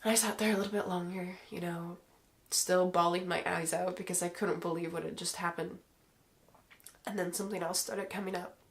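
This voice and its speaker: A woman's voice: lowish voice, steady tone, fairly quick, creaky. A woman giving a personal faith testimony to the camera, talking earnestly and emotionally straight to her viewers.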